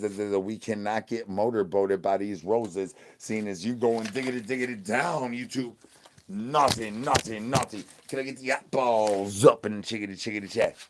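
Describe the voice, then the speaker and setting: Lightly acted and on the low side, a livestream entertainer's voice portrays a crude, famished zombie addressing his chat. He rambles in slang and keeps repeating his begging catchphrases as in-character comedy.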